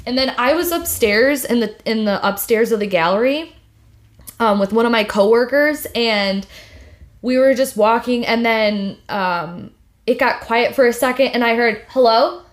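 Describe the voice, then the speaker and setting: A young woman co-hosting a casual podcast chat, telling stories in a slangy, animated way. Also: fairly high pitch, moderate pace. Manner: chatty, slangy, animated storytelling. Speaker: podcast co-host.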